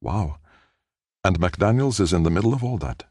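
A man's voice: deep voice, expressive, normal speed, a little mellow, no room sound, clean studio sound, pitched above the performer's own voice. A man voicing a friendly young male sensor technician who jokes easily, in an audiobook reading. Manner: easygoing, light, joking.

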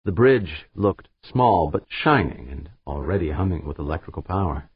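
A man narrating an audiobook in a steady, measured reading style. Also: low-pitched, husky, dry recording. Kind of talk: scripted narration. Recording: slightly dull, dry recording.

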